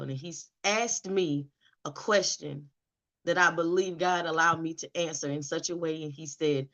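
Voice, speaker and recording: A woman's voice: low-pitched, unhurried, a bit bright, highs cut off. A middle-aged woman telling her personal story in an interview, with emotional, emphatic delivery. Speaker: interview guest.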